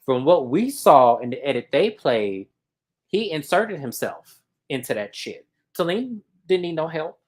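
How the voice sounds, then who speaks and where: Animated woman recapping reality TV. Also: measured pace. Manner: animated, acts out quotes with big pitch jumps. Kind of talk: casual recap commentary.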